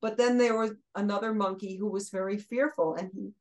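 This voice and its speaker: Guesting on a talk show, an older woman from Brooklyn who once hosted children's TV shares lively anecdotes, laughing between phrases and voicing other people's lines. Her medium-pitched voice stays steady and fairly quick as the stories roll on, though the recording is rough.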